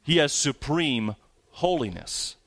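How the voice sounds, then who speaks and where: A man preaching a sermon, reading scripture aloud slowly and building his emphasis on key words. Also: fairly high pitch, sing-song, a bit bright, dry recording. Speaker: pastor.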